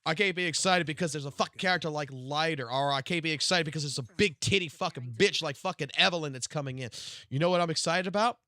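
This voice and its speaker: A male game streamer ranting live, his speech packed with profanity and swinging from low grumbles to loud, drawn-out exclamations. His voice sits a little high and sounds bright and forceful. The sound is dry and close, with no room around it. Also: no echo. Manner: profane, excitable, swings from mutters to loud outbursts. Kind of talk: live stream reaction rant.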